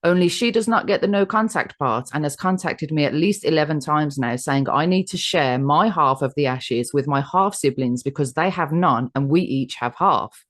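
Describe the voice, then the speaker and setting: A woman's voice: low-pitched, normal speed, few pauses. An English woman co-hosting a podcast, chatting and reading posts aloud steadily, with dry short remarks. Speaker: podcast co-host.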